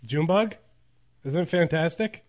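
A young man hosting a casual chat, his voice slightly high and swinging up and down a lot. He teases his friends in a playful way and jumps into silly voices for jokes. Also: expressive, a little slow, darkish tone.

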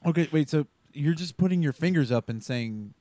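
A man in a casual comedy podcast, wry and quick to pick apart a joke. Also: fairly high pitch, expressive, mellow, no echo.

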